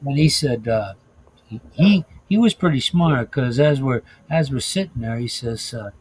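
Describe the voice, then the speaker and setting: Husky man telling profane stories. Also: mid-range voice, normal speed, low-quality recording. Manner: profane, laughing, animated storyteller with restarts. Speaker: podcast host, former bus driver. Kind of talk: casual chat, storytelling.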